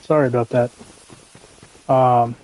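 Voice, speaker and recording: A man's voice: mid-range voice, little pitch movement, slow, darkish tone, low-quality recording. Laid-back rambling gaming streamer man. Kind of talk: casual live gameplay commentary.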